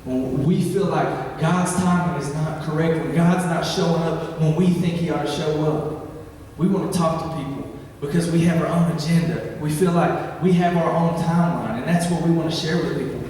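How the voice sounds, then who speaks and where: A man's voice: on the high side, fairly even intonation, moderate pace, a little mellow, slight background noise. A young man preaching a sermon at a campus ministry, chatty and joking, then rising into impassioned pleading. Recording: echoey hall from far off.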